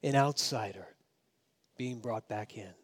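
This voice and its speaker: A pastor preaches a sermon, alternating between forceful, raised passages and quiet, low asides. He speaks unhurriedly.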